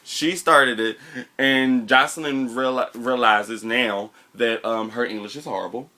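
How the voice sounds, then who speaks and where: A young man co-hosting a casual reality TV recap, gossiping in an animated, exclaiming way. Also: medium pitch, unhurried. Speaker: co-host.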